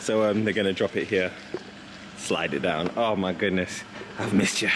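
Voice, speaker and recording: A man talking casually to camera in a vlog, gushing and excitable with quick laughs. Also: low voice, roomy sound, background noise. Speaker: car vlogger.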